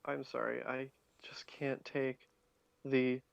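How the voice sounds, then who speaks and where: A man playing a tabletop game, making dry, measured remarks. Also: mid-range voice, little pitch movement, creaky. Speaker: player. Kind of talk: casual tabletop game chat. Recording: dull, dry lo-fi mic.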